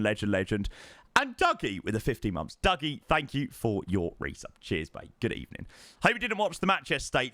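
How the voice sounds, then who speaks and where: A man's voice: mid-range voice, pushed and bright, no echo. A man chatting casually on a live stream, thanking subscribers one by one and swearing now and then. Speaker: flight sim streamer.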